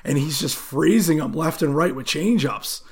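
A man's voice: fairly high pitch, moderate pace, breathy edge. A man co-hosting a casual sports podcast, telling stories loosely with lots of fillers. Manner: loose storytelling with many fillers. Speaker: podcast co-host.

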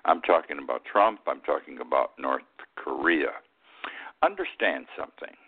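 Deep-voiced man in his eighties, tinny line. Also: animated, normal speed, husky. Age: 80s. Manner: plainspoken, opinionated, folksy. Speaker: host. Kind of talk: radio talk commentary.

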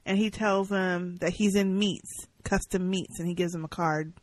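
A woman's voice: on the low side, moderate pace, a little hiss or hum, rough recording. A woman co-hosting a podcast, recapping an episode in casual chat and acting out the characters' lines. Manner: animated, acts out characters' lines. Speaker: podcast co-host.

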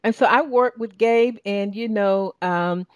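A woman's voice: medium pitch, unhurried, no room sound. A woman spiritual coach hosting an interview, speaking emphatically and repeating points for stress.

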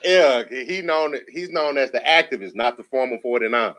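A man's voice: medium pitch, moderate pace, fairly bright tone. A man co-hosting a casual sports talk show, making emphatic, opinionated points.

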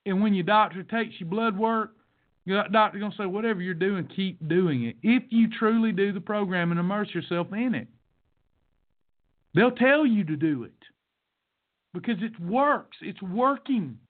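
Fervent high-voiced man preaching diet advice. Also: moderate pace. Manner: fervent, repetitive, sermon-like exhortation. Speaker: podcast host and diet program coach. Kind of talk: preachy motivational monologue. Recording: tinny phone-like sound.

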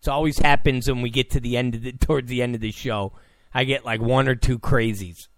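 A male talk show host delivering an incredulous, sarcastic rant, repeating himself and breaking into sudden shouts. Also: medium pitch, fairly even intonation, fairly quick, dry recording. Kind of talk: ranting commentary. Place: Los Angeles.

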